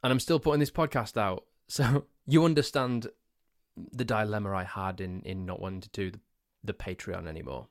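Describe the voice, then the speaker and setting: Rambling man, low and dry. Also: normal speed, no room sound. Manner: rambling and self-mocking, with many restarts. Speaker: podcast host. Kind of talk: casual solo podcast storytelling.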